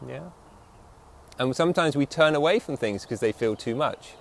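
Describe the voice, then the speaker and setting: A man giving a reflective dharma talk as a meditation teacher, slowing to stress key phrases and often checking in with the listeners. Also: fairly high pitch, gravelly.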